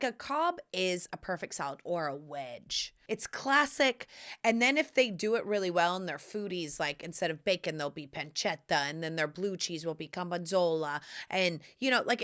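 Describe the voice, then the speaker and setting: A woman hosting her own podcast in sassy, casual chat, calling listeners honey and swinging from loud bursts to whispers. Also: fairly low pitch. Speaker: podcast host.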